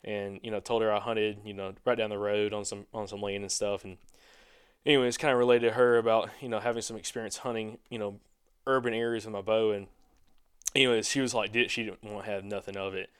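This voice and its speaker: A man's voice: fairly low pitch, little pitch movement, quick pace, fairly bright tone, clean tone. A man on a hunting podcast telling a long casual story, rambling with many fillers and restarts. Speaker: podcast co-host.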